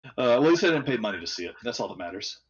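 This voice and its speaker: Lively, husky-voiced man joking. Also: medium pitch, very fast, highs cut off. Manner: opinionated, joking. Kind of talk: casual chat.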